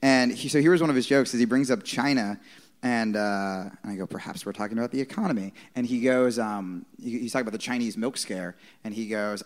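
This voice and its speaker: A man's voice: fairly low pitch, brisk. A comedian man telling a story on a live stage podcast, acting out the people he quotes. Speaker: comedian guest.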